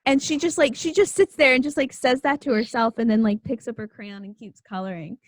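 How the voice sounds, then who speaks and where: A young woman hosting a podcast, telling stories in a casual, animated way and acting out the voices of the people in them. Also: a little high, brisk. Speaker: podcast host. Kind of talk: casual storytelling chat.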